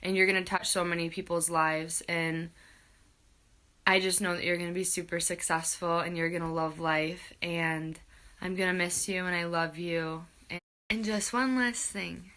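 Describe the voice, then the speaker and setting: This is a young woman recording a farewell to her college softball teammate, and she is tearful throughout. Her voice is bright and a little sharp. She talks in halting stretches, heartfelt, with frequent pauses. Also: on the low side, fairly even intonation. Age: young adult.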